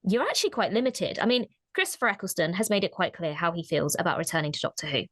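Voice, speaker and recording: A woman's voice: lowish voice, lively intonation, fast, a bit bright, no echo, studio quality. A woman co-hosting a casual discussion, who talks thoughtfully and often restarts her sentences. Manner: thoughtful, hesitant, many restarts. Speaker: co-host.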